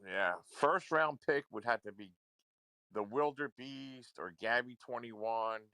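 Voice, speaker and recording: A man's voice: mid-range voice, a little slow, pushed and bright, smooth, no room sound. A man ranting into a livestream, confrontational and repetitive, swearing often. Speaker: livestream commentator.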